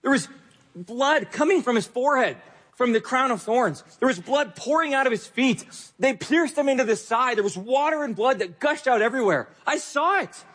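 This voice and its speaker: A grieving young woman stands at a tomb, voice pushed high and pleading in anguished bursts, as a male preacher puts her on. Her tone carries a husky edge. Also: expressive, normal speed, a bit bright, long reverb tail, heavily acted.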